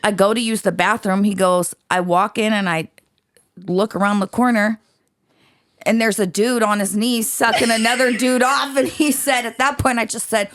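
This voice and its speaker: A woman's voice: a little high, normal speed. A woman co-hosting a podcast, retelling a story in a casual chat, laughing often and swearing freely. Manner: laughing, profane, animated retelling. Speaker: podcast co-host.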